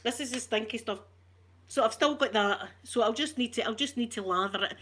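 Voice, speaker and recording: A woman's voice: a little high, fairly quick, fairly bright tone, breathy edge. A Scottish woman chatting on an ASMR live stream, ranting with animation and swearing freely. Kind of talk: casual live-stream chat.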